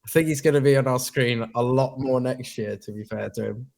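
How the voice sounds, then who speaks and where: A man's voice: mid-range voice, brisk, creaky, a little mellow. A man co-hosting a live stream, casually chatting about a race and greeting viewers. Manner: easygoing, chats with viewers. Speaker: stream co-host. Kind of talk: casual live race watch-along chat.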